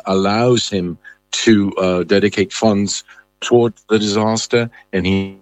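A man reporting as a correspondent in a live news interview, halting with many fillers and restarts. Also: lowish voice, dry recording.

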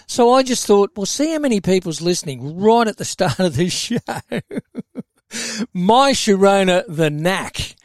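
Chatty high-voiced male radio presenter. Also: animated, moderate pace, no echo, studio quality. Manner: chatty, jokey, laughs often. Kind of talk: casual radio chat.

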